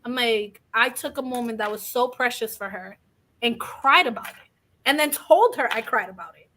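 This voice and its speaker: A woman's voice: fairly high pitch, moderate pace, bright, forceful tone. A young adult woman telling a personal story as a guest, openly and ramblingly, coughing a little from asthma. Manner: open, rambling, quotes others in little acted lines. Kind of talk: candid personal story in an interview.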